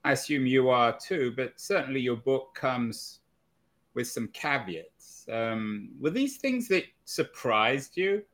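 Man, interview host, mid-pitched, probing questions, occasional stumbles. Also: expressive, slow pace, fairly bright tone. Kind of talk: interview conversation.

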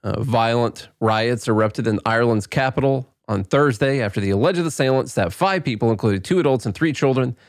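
A male podcast host reads news headlines in a plain, even tone before slipping into loose banter. His voice sits at a middle pitch, recorded dry and close. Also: a little fast, few pauses, no echo. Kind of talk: casual chat and news reading.

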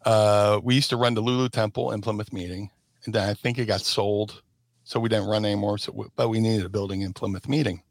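A man's voice: on the low side, fairly quick, vocal fry, no echo. Middle-aged philly guy telling wild stories, does the voices, dry close mic. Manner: animated, acts out voices and shouts in stories. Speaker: guest, former wrestler. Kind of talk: casual storytelling.

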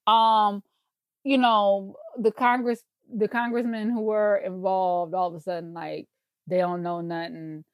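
A woman's voice: mid-range voice, level tone, unhurried, no room sound, studio quality. A woman co-hosting a podcast, ranting in casual conversation, emphatic and profane. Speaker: podcast co-host.

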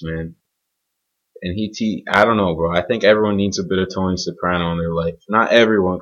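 Young guy, low husky voice, swearing, rambling casual rant, muffled lo-fi sound. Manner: profane, rambling, emphatic with frequent "man" and "bro". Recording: dull lo-fi recording.

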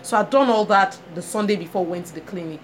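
A woman's voice: medium pitch, quick pace. A woman co-hosting a chat show, telling a story with animation and acting out the people she quotes. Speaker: podcast co-host. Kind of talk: casual chat. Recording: faint background noise.

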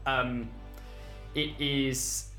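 A man with a bright, clear voice narrates a tabletop game as its game master. He describes the fight at an easy pace, pausing with "um" between phrases. The sound is roomy, with faint music underneath. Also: mid-range voice. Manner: relaxed, many "um" pauses while describing action.

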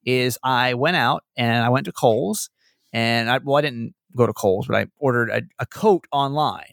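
Gravelly-voiced male podcast host, rambling. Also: medium pitch, moderate pace, a bit bright, no room sound, studio quality. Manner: rambling, anxious, many restarts. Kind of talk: casual chat.

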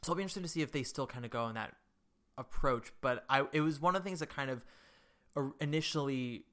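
A man's voice: mid-range voice, quick pace, fairly bright tone. A man co-hosting a podcast, chatting casually and with opinions. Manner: opinionated, enthusiastic theater talk. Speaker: podcast co-host. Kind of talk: casual chat.

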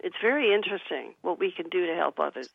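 An author talking about her book, coaching listeners gently and acting out soothing sample replies. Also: mid-range voice, lively intonation, fast talker, creaky, no room sound, phone-quality sound. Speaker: author and guest. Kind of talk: conversational advice talk.

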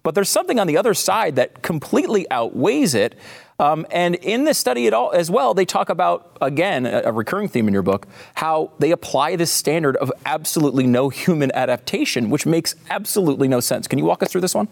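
A man's voice: fairly high pitch, big pitch swings, a little fast, vocal fry. A male host asking long questions in an interview, with plenty of fillers and restarts. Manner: rambling questions with many fillers.

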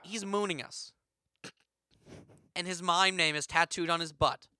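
A podcast co-host with a very bright, sharp voice pitched a little high, speaking in a mock-earnest, playful way. The recording is dry and close. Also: male voice, steady tone, a little slow, no echo. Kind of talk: improvised comedy podcast.

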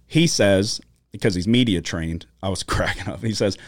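Low-voiced podcast dude, cussing constantly, doing little voices for people he quotes, dry studio sound. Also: moderate pace, no echo. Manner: profane, animated storytelling with quoted voices. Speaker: podcast co-host. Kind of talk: casual chat.

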